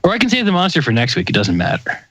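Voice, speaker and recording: A man's voice: on the high side, huge pitch swings, rapid-fire, a bit bright, breathy edge, dry recording. A man co-hosting a comedy podcast, making brief, laid-back remarks in casual banter. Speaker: podcast co-host.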